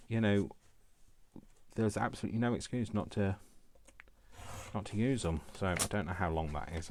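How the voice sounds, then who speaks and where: A man's voice: low-pitched, a little mellow, slight background noise. A middle-aged man hosting a casual crafting tutorial, rambling and mocking himself with chuckles.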